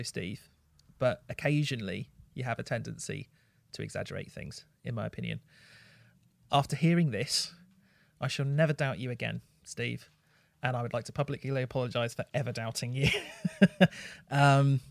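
A man's voice: mid-range voice, gravelly, no echo. Man, podcast co-host, sarcastic and mock-formal, close and dry sound. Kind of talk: casual chat, album review.

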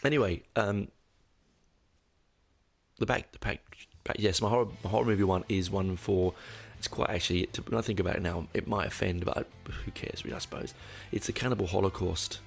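A man's voice: deep voice, steady tone, fairly quick, vocal fry, faint music behind. A middle-aged man hosting a casual solo podcast, rambling and candid, correcting himself often, with dry asides. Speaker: podcast host.

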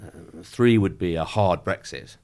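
A middle-aged man, a member of Parliament, giving a measured, emphatic political interview with frequent restarts. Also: sits low, a little mellow, smooth.

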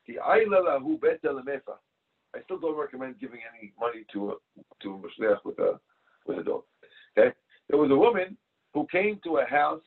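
A man's voice: fairly high pitch, husky. A man teaching a Talmud class. He reads each phrase of the text, translates it, and tells stories to explain it. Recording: tinny phone-like line.

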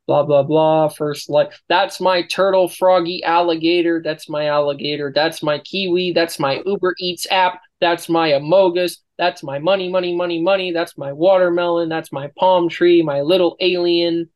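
A man's voice: a little high, steady tone, moderate pace, hardly any pauses. Male podcast host, playful and rambling, casual banter. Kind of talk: casual chat.

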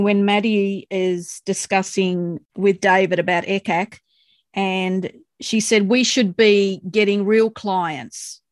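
A woman's voice: mid-range voice, dry recording. Woman co-host, dry close sound. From Australia. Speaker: podcast co-host. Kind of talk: casual chat and trivia quizzing.

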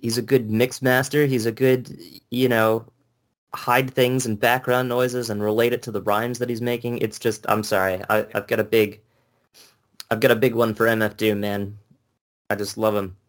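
A man's voice: mid-range voice, level tone, moderate pace. A man co-hosting a podcast in casual chat, rambling enthusiastically and laughing often. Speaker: podcast co-host.

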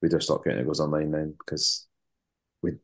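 A man, a band musician, chatting as an interview guest, halting and repeating words with many fillers. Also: extremely low pitch, steady tone. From West African heritage. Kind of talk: casual interview chat.

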